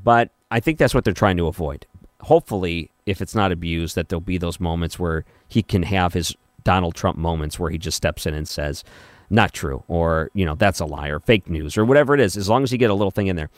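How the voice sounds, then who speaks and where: A man hosting a late-night talk radio show, chatting casually with many restarts and a calm, skeptical tone, in a studio on a studio mic. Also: low-pitched, fast talker, dry recording. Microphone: studio microphone.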